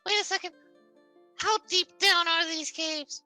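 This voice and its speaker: A woman's voice: very high-pitched, steady tone, measured pace, bright, forceful tone, faint music behind. A woman playing a tabletop game in casual chat, earnest and insistent. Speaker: player.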